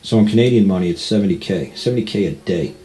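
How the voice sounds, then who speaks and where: Guy rambling thru a story, blunt and casual, mellow low voice. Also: lively intonation, quick pace, poor audio. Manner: rambling, blunt, acts out the people he quotes.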